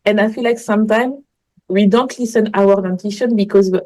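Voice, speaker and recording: Woman guest, mid-range pitch, soft mellow tone, earnest and rambling. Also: steady tone, fairly quick, poor audio. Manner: earnest, rambling storytelling in non-native English. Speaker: manifestation coach, podcast guest. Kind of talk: casual interview chat.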